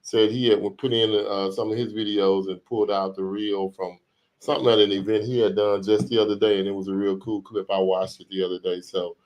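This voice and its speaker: Hoarse man, casual podcast banter. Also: lowish voice, flat delivery, a little mellow, low-quality recording. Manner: laughs often, emphatic, drawn-out exclamations. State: hoarse from a flu. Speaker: podcast co-host, DJ. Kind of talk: casual chat.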